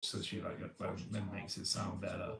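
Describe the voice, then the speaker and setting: A man livestreaming from his phone on a tripod at home, talking in a halting, rambling way with many restarts. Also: low-pitched, level tone, vocal fry, a bit bright. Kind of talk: rambling casual monologue. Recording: echoey room.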